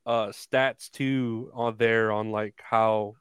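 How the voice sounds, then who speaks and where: Brief: male co-host, smooth clear voice, dry close mic, relaxed chat. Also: lowish voice, takes it slowly, dry recording. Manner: laid-back, laughs often. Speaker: podcast co-host. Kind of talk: casual chat.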